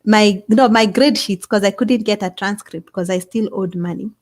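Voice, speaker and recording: A middle-aged woman, telling a story as an interview guest in an animated way. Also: medium pitch, moderate pace. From Kenya. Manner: animated, acts out others' voices. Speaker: guest scientist.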